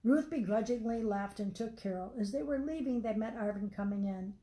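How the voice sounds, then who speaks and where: A woman author reading her own novel aloud in an unhurried, homey way. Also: a little high, dark tone, rough recording.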